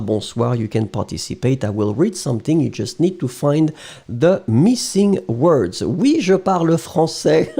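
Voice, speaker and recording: Slow, patient French teacher, man. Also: a little high, vocal fry, mellow, breathy edge. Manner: patient, spells words letter by letter, laughs easily. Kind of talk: live-stream language lesson.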